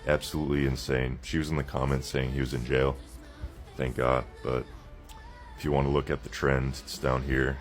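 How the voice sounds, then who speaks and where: A man's voice: extremely low pitch, flat delivery, normal speed. A man giving casual social media commentary, incredulous at what he has seen. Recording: music underneath.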